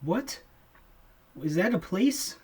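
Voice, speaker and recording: A man's voice: sits high, animated, slow pace, a little mellow, husky. A young man co-hosting a podcast, chatting casually, laughing often and calling his friend "bro.". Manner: laid-back, laughs often, says "bro" a lot. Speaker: podcast co-host. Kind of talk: casual chat.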